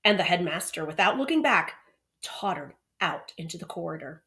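A woman's voice: on the low side, lively intonation, normal speed, sharp tone. A woman reading a children's novel aloud, with chatty asides between passages. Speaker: reader.

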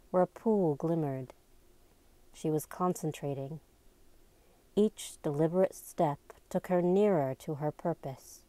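A woman narrating a novel aloud, slow and deliberate in her storybook reading. Her voice is mellow and slightly low. The sound is close and dry, with no echo. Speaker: amateur reader.

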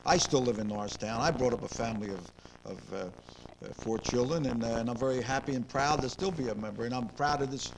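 A man's voice: mid-range voice, a little fast. An older man hosting a local interview show. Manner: rambling, repeats words, asks leading questions. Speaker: host. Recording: noisy 2002 local cable recording.

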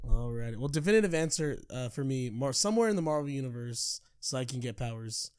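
A man's voice: medium pitch, lively intonation, fast talker, darkish tone, clear, resonant tone. A young man hosting a casual podcast chat, joking around and laughing often. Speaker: podcast host.

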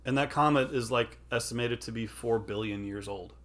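Male co-host, bright voice, rambling and chuckling, casual trivia talk. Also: medium pitch, normal speed. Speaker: podcast co-host. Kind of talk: casual movie review chat.

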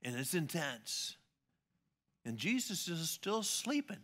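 A man preaching a sermon in a church, telling a story with animated, acted-out voices. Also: a little high, takes it slowly, pauses often. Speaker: pastor.

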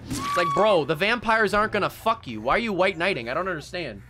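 A man's voice: high voice, wildly swooping pitch, fast talker, noisy background. A young man streaming a game live, casually ranting and swearing, laughing at himself between rants. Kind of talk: casual live-stream chat while gaming.

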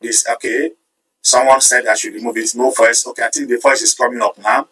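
A man hosting a live stream, reading viewer comments aloud and tallying their votes in an animated way. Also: medium pitch, brisk, recorded from a distance, poor audio. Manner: animated, switching between Yoruba and English, counting votes aloud. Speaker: livestream host.

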